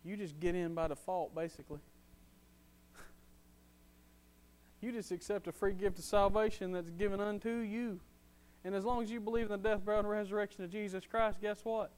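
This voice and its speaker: Man, high voice, fervent preacher; drops low then builds loud, hammers phrases twice. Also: fairly even intonation, normal speed, long pauses, smooth. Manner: impassioned, swings from quiet to loud; repeats phrases for emphasis. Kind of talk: sermon.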